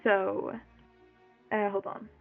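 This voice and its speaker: A woman's voice: medium pitch, completely flat delivery, takes it slowly, creaky, faint music behind. A woman playing a tabletop game, blunt and swearing freely. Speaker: player. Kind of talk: casual play at a tabletop game. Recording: tinny phone-like line.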